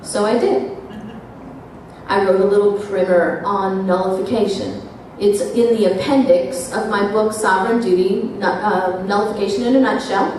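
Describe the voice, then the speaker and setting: A woman telling a story at a live lecture, animated and confrontational. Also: medium pitch, normal speed, slight background noise. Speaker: constitutional speaker. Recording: echoey hall from far off.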